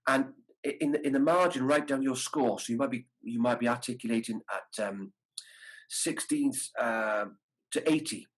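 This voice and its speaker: Brass teacher, male, slightly husky tone; patient, demonstrative masterclass delivery over a video call. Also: mid-range voice, moderate pace, low-quality recording. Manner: demonstrates articulation syllables aloud. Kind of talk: masterclass instruction.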